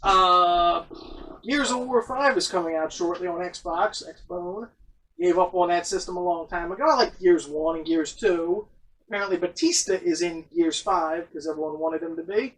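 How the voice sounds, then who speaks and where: A man's voice: high voice, moderate pace, fairly bright tone. Sarcastic profane man, off-mic. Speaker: podcast co-host. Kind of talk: casual comic and game chat. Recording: distant room mic.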